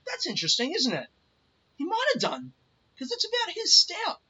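High bright-voiced Aussie podcast host. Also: male voice, wildly swooping pitch, moderate pace. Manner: rambling, swearing, laughing. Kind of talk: casual storytelling podcast. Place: outdoors under a tree. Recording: dull lo-fi recording.

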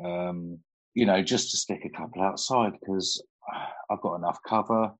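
A man's voice: low-pitched, normal speed, low-quality recording. A middle-aged man, chatting casually and telling stories, laughing often and swearing freely. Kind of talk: casual chat.

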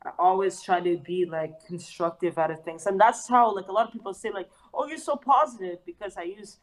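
A woman's voice: on the low side, fairly even intonation, a little fast. A woman as an interview guest, speaking earnestly and reflectively with lots of "like" and "you know". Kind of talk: casual interview chat.

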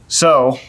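Man casually debating Bible verses. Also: a bit bright. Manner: conversational, quotes Scripture, light laughs.

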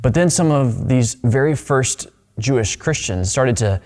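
Male pastor, conversational sermon, mid-pitched, lots of restarts, long hall echo. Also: expressive, a little slow, darkish tone. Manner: conversational preaching with many restarts.

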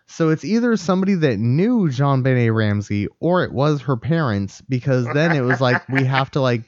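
A man's voice: mid-range voice, big pitch swings, normal speed, dry recording. A man co-hosting a podcast in casual chat, emphatic and incredulous, swearing often. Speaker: podcast co-host. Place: studio. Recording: dry, muffled lo-fi audio.

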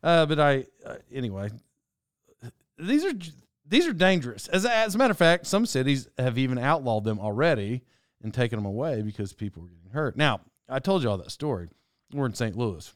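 Young man with a smooth, even-pitched voice, relaxed anecdote-teller who backtracks and laughs mid-sentence. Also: a little fast, no room sound, clean studio sound. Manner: rambling with restarts and chuckles. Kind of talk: casual storytelling.

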